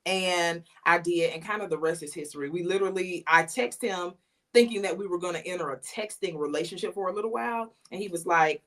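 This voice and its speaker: A woman, a guest on an interview, telling a personal story in a casual, animated way and acting out the lines she quotes. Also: lowish voice, fairly quick.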